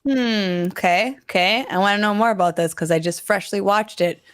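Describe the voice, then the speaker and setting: A woman's voice: mid-range voice, normal speed, clean tone. A woman co-hosting a live podcast who talks in a casual, outspoken way. She rants bluntly and jokes around. She fills her sentences with "like". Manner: blunt, joking, says "like" a lot. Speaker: podcast co-host.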